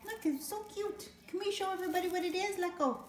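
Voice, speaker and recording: Woman, very high voice, slow sing-song pet talk; roomy home recording, faint hiss. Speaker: pet bird owner.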